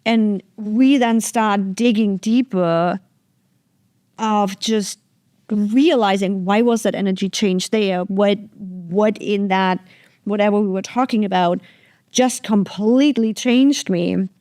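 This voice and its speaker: A woman's voice: mid-range voice, fairly even intonation, slow pace, a little mellow, no echo, clean studio sound. A woman hosting a podcast interview, talking frankly and animatedly, swearing freely and acting out her own reactions. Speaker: podcast host. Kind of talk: candid conversational interview.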